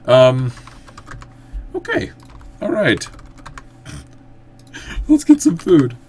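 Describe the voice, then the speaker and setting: A man giving casual let's-play commentary, thinking aloud as he plays and breaking into excited outbursts. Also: mid-range voice, drawn-out words, slight background noise. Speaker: gameplay commentator.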